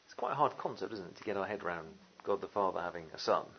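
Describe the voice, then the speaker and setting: A man preaching a sermon, lively and conversational, with jokey asides and many fillers. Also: deep voice, quick pace, gravelly, highs cut off, a little hiss or hum. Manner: animated, jokey asides, frequent "uh" and "you know".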